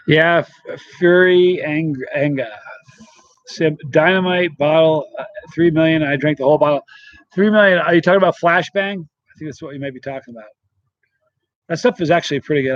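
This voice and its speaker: Middle-aged male streamer, slightly high voice, rambling chat, dry close mic. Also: normal speed, dry recording, highs cut off. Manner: chatty, rambling, greets viewers by name. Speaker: channel host reading live chat. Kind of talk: casual live-stream chat.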